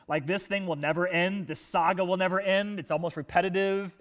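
A man preaching a sermon in church, telling stories with lively acted-out quotes of grumbling people. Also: high voice, brisk, big-room sound. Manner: animated storytelling, acting out grumbling crowds in quoted voices. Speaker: pastor.

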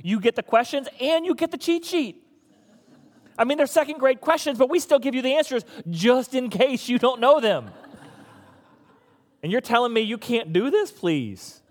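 High-voiced preacher in a reverberant hall. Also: male voice, expressive, normal speed. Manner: conversational, teasing, exasperated. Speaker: pastor. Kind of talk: sermon.

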